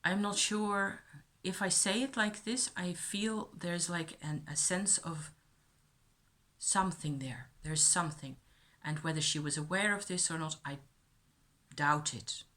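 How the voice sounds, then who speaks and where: Low-pitched woman talking slowly through her past, thoughtful, lots of um and you know. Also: fairly bright tone. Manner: thoughtful, musing, with many fillers and restarts. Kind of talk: personal reflective monologue.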